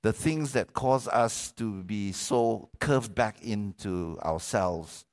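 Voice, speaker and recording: A middle-aged male pastor preaching a sermon, animated, repeating words and asking for amens. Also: fairly low pitch, takes it slowly.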